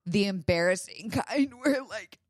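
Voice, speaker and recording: A woman's voice: lowish voice, moderate pace, dry recording, studio quality. A young woman co-hosting a podcast, telling a story in casual chat and acting out what people said, with lots of "like". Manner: animated storytelling, acts out quotes, frequent "like". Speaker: podcast co-host.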